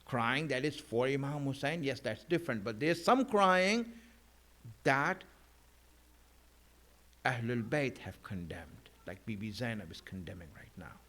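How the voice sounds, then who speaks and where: A man's voice: medium pitch, very animated, a little slow, pauses often, fairly bright tone. A man delivering a mourning sermon in a conversational way, with many fillers and restarts, at a mosque. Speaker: religious speaker. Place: mosque hall.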